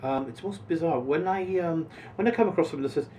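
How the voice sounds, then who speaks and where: A man's voice: a little high, quick pace, hardly any pauses. A male voice actor answering interview questions casually, lingering expressively over single words. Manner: expressive, savoring individual words. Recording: voice a bit distant from mic, faint noise.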